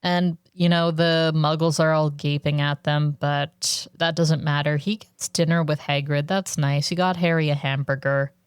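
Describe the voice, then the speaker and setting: Her voice sits low and resonant, with a level tone, normal speed, and few pauses, as she co-hosts a casual book discussion on a podcast. She's chatty and thoughtful, using "like" often. The studio-quality recording is dry and clear.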